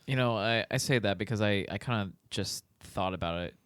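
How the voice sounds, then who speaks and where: A young man co-hosting a casual podcast, relaxed and a little hesitant, laughing easily. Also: on the low side, brisk, clean tone, no echo, studio quality. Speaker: podcast co-host.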